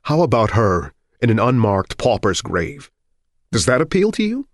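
A man's voice: medium pitch, animated, fast talker, no room sound, clean studio sound, pitched above the performer's own voice, natural voice. A man voicing a grim, humorless husband who speaks bluntly.

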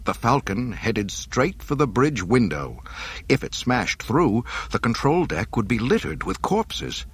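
A man narrating an audiobook in a dramatic, expressive way. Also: mid-range voice, measured pace, breathy edge. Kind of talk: audiobook reading.

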